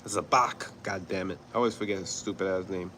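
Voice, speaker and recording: A man's voice: low-pitched, steady tone, a little fast, bright, forceful tone, a little hiss or hum, rough recording. A man from New York hosting a livestream, chatting casually with viewers, swearing, laughing and rambling. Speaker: livestream host. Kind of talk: casual commentary with chat.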